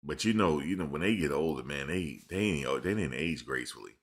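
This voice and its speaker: A man's voice: very deep voice, animated, fairly quick. A man chatting on a live stream, rambling loosely through stories in slang and reading viewers' questions aloud. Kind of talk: casual live-stream chat. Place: at home in front of a camera.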